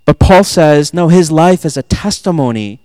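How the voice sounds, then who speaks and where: A male pastor preaching a sermon, swinging between loud, emphatic passages and soft, hushed asides, quoting and acting out lines. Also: on the high side, expressive, normal speed, clean tone, no room sound, studio quality. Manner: quotes and acts out lines, laughs at himself.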